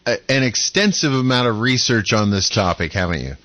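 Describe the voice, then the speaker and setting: Male co-host, medium voice, relaxed questioner, dry studio sound. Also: on the low side, brisk, no echo. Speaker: radio co-host. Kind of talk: hosted radio talk.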